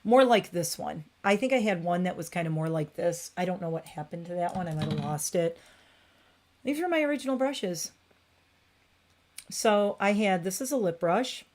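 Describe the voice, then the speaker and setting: A woman's voice: on the low side, brisk, few pauses, darkish tone. A woman in her forties chatting casually on a beauty livestream from her home bathroom, rambling and cooing at her cat.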